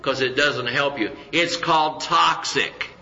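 A man's voice: mid-range voice, a little slow, bright, forceful tone. A man, a pastor, preaching a conversational sermon full of rhetorical questions and mock voices. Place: church. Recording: roomy, dull church recording.

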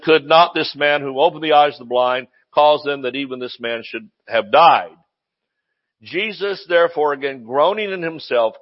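A man's voice: mid-range voice, lo-fi sound. A man preaching a sermon, reading scripture aloud and stopping to comment and chuckle. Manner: reads scripture aloud and breaks in with comments and laughs. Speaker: pastor.

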